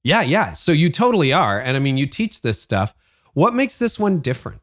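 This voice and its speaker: A man's voice: fairly high pitch, sing-song, normal speed, a bit bright. A man hosting an interview podcast, asking questions in an easy, affirming way. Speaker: host. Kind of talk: casual interview.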